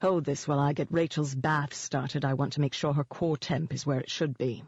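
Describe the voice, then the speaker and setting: Keesley, a reader voicing a gruff old witch healer. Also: mid-range voice, steady tone, moderate pace, no room sound. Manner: gruff and curt. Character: disapproving older male witch healer. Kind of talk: audiobook character voice. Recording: dull, dry lo-fi audio.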